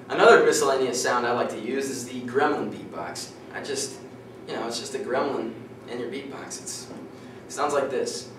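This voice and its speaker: A young man giving a prepared class speech, reading steadily and clearing his throat now and then. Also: mid-range voice, normal speed, background noise. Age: young adult. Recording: echoey classroom from far off.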